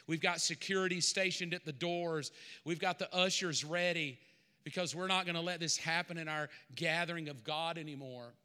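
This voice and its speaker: A pastor preaches a storytelling sermon, drawing his listeners into the scene. His voice is bright and clean and sits a little high, with a long reverb tail from the hall around him. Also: smooth. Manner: storytelling, speaking in second person.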